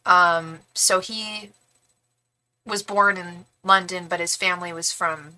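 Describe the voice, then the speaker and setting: Young woman rambling on a livestream, bright and kinda sharp, lots of "like"s. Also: lowish voice, steady tone, slow pace. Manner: rambling, chatty, frequent restarts and "like". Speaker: tarot reader livestream host. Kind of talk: casual live-stream chat.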